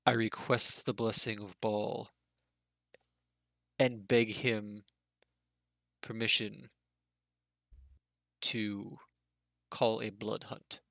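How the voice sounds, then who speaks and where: A man playing a goblin war leader in a tabletop game, devout and grave, his words drawn out slow and low, with a dry bright tone and little room sound around it. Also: little pitch movement, vocal fry, no room sound, full character voice. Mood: solemn, reverent. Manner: slow, grave, formal delivery. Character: solemn goblin war leader kneeling in devotion.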